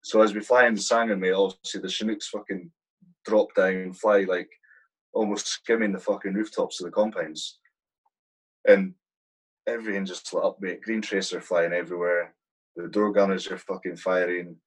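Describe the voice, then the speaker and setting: A man's voice: sits low, steady tone, normal speed, breathy edge, poor audio. A man, an army sergeant, telling war stories in a casual interview, swearing constantly and saying "mate" a lot. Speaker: guest, army platoon sergeant.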